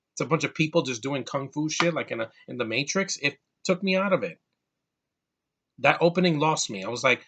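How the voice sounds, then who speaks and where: A man's voice: medium pitch, bright, forceful tone. A man giving a casual, exasperated movie rant, often restarting and repeating words. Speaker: movie reviewer.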